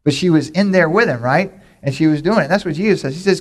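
A middle-aged man preaching a sermon, telling homey stories in a relaxed, conversational way. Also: a little high, quick pace. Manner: conversational, folksy storytelling with props. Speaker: pastor.

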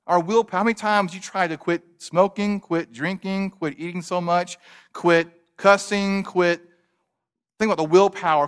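A male pastor delivers a sermon in a slightly higher than usual voice. He builds to emphatic, loud passages, then sinks into quiet, drawn-out phrases. His words ring out in a hall with a long, lingering reverb. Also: smooth. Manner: preaching with dramatic swells and hushed drops.

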